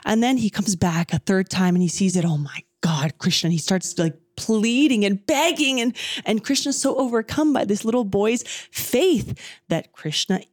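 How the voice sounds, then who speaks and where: A woman's voice: on the high side, moderate pace, no room sound, clean studio sound. A woman telling a devotional story casually in a group, rambling with fillers and acting out the characters' lines. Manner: rambling, animated retelling with acted quotes and fillers.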